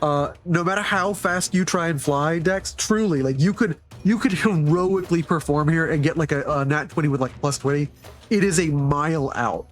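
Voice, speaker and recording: A man narrating as game master for a tabletop game, talking in halting bursts full of restarts. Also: on the high side, soft background music.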